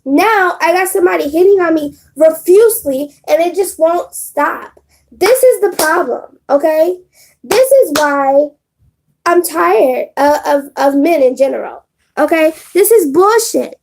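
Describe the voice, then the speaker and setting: A woman's voice: extremely high pitch, a little slow, vocal fry, darkish tone. A woman doing a casual live stream on her phone, talking bluntly and with profanity straight to her chat. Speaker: live streamer giving readings.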